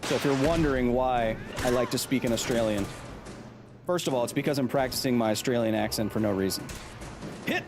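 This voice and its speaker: A man's voice: mid-range voice, fast, over music. A man doing live gameplay commentary as a science streamer, reacting to the game and reading chat aloud.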